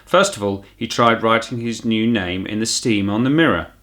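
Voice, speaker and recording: A man, a primary school teacher, reading a children's storybook aloud with animated storytelling. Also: on the low side, moderate pace.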